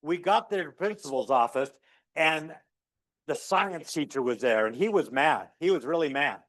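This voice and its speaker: A middle-aged man lecturing university physics, telling stories with lively, acted-out dialogue. His voice sits a little high for a man. The sound is dry and close with no room echo, as if from a lapel mic. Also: normal speed. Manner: animated storyteller, acts out dialogue with rising pitch. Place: lecture hall.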